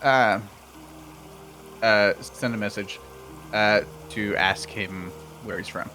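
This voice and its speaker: A man playing in a tabletop game, joking and quick to laugh. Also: fairly low pitch, fairly even intonation, bright, forceful tone, soft background music. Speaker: player. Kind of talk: casual tabletop chat.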